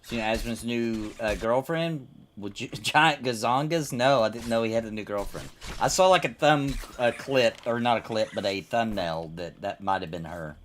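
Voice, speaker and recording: A man's voice: mid-range voice, normal speed, few pauses, fairly bright tone, slight background noise. A man hosting a casual gaming stream, rambling and joking while reading chat aloud. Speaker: streamer host.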